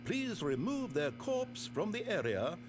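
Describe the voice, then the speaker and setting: An actor playing a dry, all-knowing game narrator, speaking in a measured, wry and formal way. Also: male voice, high-pitched, sing-song. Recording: game audio with music behind. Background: game music.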